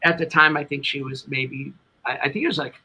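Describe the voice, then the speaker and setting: A man's voice: medium pitch, a little fast, sharp tone, slightly rough, low-quality recording. A middle-aged man with a New England accent, a tribute band singer telling a long, rambling story as an interview guest.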